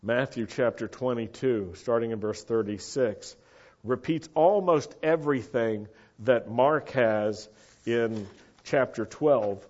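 A man's voice: mid-range voice, darkish tone, dull audio. Earnest American man preaching. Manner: earnest, emphatic, slows down to stress key words. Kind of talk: sermon.

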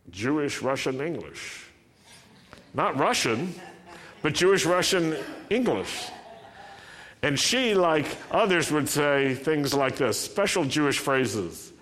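A man's voice: mid-range voice, a bit bright, big-room sound. A man preaching a sermon, driving his points home with emphatic, repeated rhetorical questions.

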